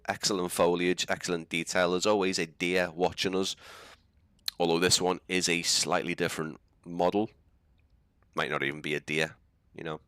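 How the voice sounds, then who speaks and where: A man's voice: low voice, sharp tone, clean tone, dry recording. A young man with a Scouse accent, rambling and laughing as he chats through a live stream. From England. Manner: chatty, rambling, laughs often. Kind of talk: casual live-stream chat.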